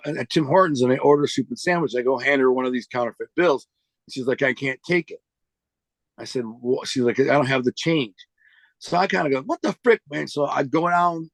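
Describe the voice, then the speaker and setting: A man's voice: medium pitch, dry recording. Streetwise man telling a wild story. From United States. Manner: streetwise slang, animated storytelling. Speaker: interview guest. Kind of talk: casual storytelling.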